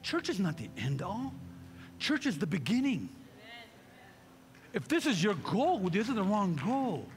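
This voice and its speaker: A man's voice: high voice, wildly swooping pitch, unhurried, pauses often, big-room sound, slight background noise. A man pastor preaching a sermon, fervent and full of repeated rhetorical questions.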